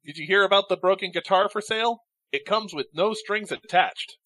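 A man telling corny jokes in casual banter, playful and quick to swear. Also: high-pitched, heavy background noise.

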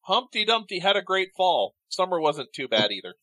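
A man telling corny jokes in casual banter, playful and quick to swear. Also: high voice, big pitch swings, over loud music.

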